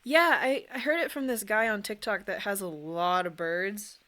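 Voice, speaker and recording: A woman's voice: medium pitch, moderate pace, sharp tone. A young woman streamer chatting casually and rambling while she paints miniatures and answers questions from chat.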